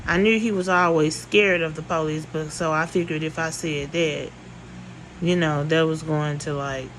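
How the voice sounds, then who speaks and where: A woman's voice: sits low, steady tone, moderate pace, background noise. A woman vlogger telling a story in casual speech, blunt and full of swearing, repeating herself for emphasis.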